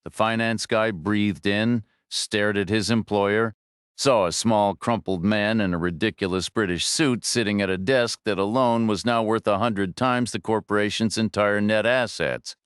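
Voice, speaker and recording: A man narrating a thriller audiobook in a measured, even storytelling manner. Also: lowish voice, smooth, no room sound, clean studio sound.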